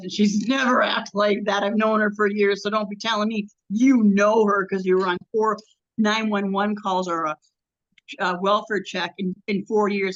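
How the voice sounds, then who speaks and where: Woman interview guest, mid-pitched, halting and rambling storyteller, dull lo-fi audio. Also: fairly bright tone. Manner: rambling, halting storytelling with many ums and restarts.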